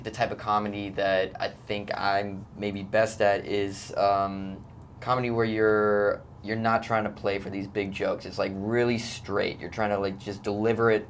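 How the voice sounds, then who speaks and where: A man with a very deep, low-pitched voice chats easily as an interview guest. He's relaxed and a bit hesitant, filling pauses with ums, over faint background hum. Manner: laid-back, hesitant, many ums. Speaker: actor guest. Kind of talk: casual interview chat.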